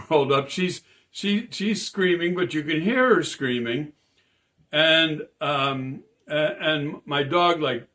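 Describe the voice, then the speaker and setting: A man telling a story from his own life in a casual, halting way, with many restarts and fillers. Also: medium pitch, bright, forceful tone.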